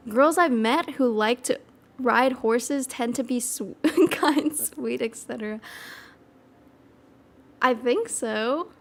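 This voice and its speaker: A woman's voice: fairly high pitch, slow pace, pauses often. A young woman chatting casually as a streamer reading chat, rambling, full of fillers and giggles.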